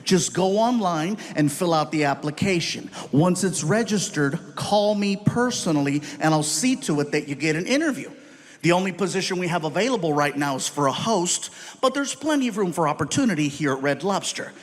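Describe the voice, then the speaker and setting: A man voicing a friendly, smooth-talking male restaurant manager in a calm, reassuring sales tone. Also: high-pitched, normal speed, long reverb tail.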